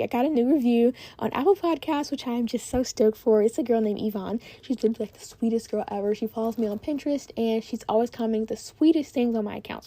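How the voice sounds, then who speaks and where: A teenage girl hosts her own podcast in a bubbly, gushing chat, full of "like" and "literally". Her voice sits a little high and sounds very mellow and warm. The recording is close and dry. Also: no room sound. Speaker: podcast host. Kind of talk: casual solo podcast chat.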